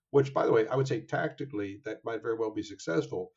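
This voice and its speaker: A man being interviewed as an author, talking in a measured, thoughtful way with frequent fillers and restarts. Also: mid-range voice, vocal fry, a little mellow. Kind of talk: interview conversation. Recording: dull lo-fi sound.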